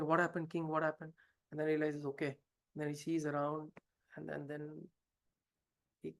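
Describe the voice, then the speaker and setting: A spiritual teacher explaining a scripture passage through a story, hesitant at times and asking many rhetorical questions. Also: mid-range voice. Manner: hesitant, with fillers and restarts. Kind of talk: scripture lesson told as a story.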